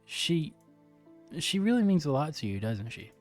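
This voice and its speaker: A man's voice: fairly high pitch, very animated, normal speed, soft background music, voice pushed up. A man voicing a prickly teen girl, reading her lines in a huffy, bratty way. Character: prickly teen girl, snappish but shy.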